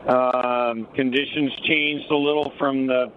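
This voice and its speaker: A man, a boat captain, calling in to a radio show with a relaxed, plain-spoken report. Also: medium pitch, takes it slowly. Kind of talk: live report by phone. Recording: tinny phone line with faint noise.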